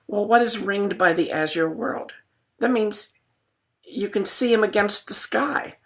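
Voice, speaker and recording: A woman teacher giving a recorded poetry lecture, losing her voice and clearing her throat, reading verse slowly and deliberately. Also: medium pitch, fairly bright tone.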